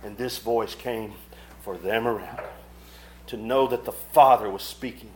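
Fervent male preacher with loud surges. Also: lowish voice, a little slow, slight background noise. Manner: reads scripture aloud in old-fashioned phrasing. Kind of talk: sermon.

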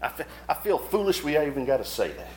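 A man preaching a sermon, reading scripture aloud and breaking into fervent, sudden loud surges with quick casual asides. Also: a little high, big pitch swings, slight background noise. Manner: reads scripture aloud in old-fashioned phrasing.

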